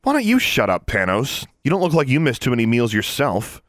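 A man voicing a prickly young witch student who is defensive and sharp-tongued, in a raised voice. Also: on the low side, wildly swooping pitch, normal speed, no echo, studio quality, heavily acted. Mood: snapping.

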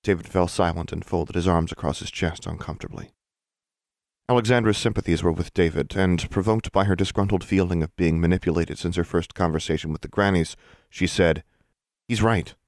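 Deep-voiced man narrating an audiobook. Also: fairly even intonation, fairly quick, darkish tone, dry recording, studio quality.

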